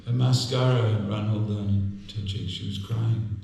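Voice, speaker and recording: A man's voice: lowish voice, steady tone, unhurried, dark tone, slight background noise. Older man telling stories in an echoey hall. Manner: humorous storytelling, chuckles often. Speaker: temple class speaker. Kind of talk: anecdotal sermon. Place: temple hall. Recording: echoey hall, distant mic.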